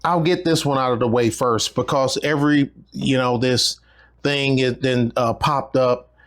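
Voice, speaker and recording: A man's voice: mid-range voice, fairly even intonation, measured pace, a bit bright. A middle-aged man, talking casually to his viewers in a rambling, folksy way with many restarts. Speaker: channel host. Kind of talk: casual talk to camera.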